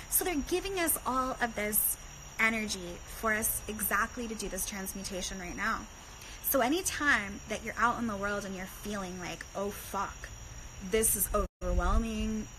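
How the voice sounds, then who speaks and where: Breezy woman on a phone livestream, slightly high voice, casual and profane, faint crickets behind her. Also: noisy background. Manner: breezy, chatty and profane, with lots of "like". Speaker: livestream host. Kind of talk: casual spiritual livestream talk. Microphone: phone camera on a live stream.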